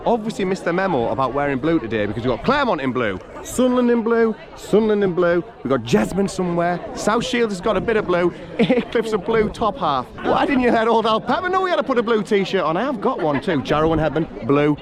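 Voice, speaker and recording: With big pitch swings and a quick pace, a high-voiced running vlogger with a North East English accent chats and laughs breathlessly while trail running outdoors on hills and through woodland. He greets runners as he goes, cheerful and chatty, with a crowd audible behind him.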